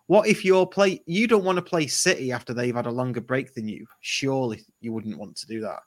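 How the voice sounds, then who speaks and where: A man hosting a football fan podcast in easy, rambling chat. He often restarts his sentences and talks in a mid-pitched voice. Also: brisk. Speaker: podcast host.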